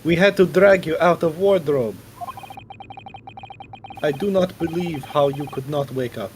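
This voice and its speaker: A man's voice: a little high, measured pace, slight background noise, lightly acted. A man voicing a stern, threatening male captor with an exaggerated put-on Russian accent and broken grammar. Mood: menacing.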